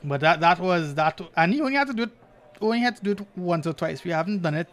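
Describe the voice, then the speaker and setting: A man with a notably high speaking voice co-hosts a casual podcast chat. He tells animated stories and laughs often. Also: fast talker. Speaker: podcast co-host.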